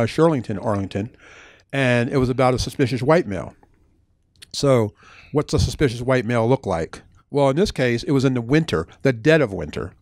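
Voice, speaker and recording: A man who was once a police officer talks through his book, spinning stories in an animated way and circling back on himself. His voice sits at an ordinary pitch, and the sound is close and dry with no room echo. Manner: animated storytelling with frequent restarts. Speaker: author and former police officer. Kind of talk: book talk Q&A.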